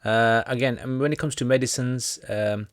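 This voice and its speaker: A man's voice: mid-range voice, steady tone, normal speed, dry recording, studio quality. A man with a British accent who teaches Islam, casually answering viewer questions on a livestream in a chatty, joking way with many fillers.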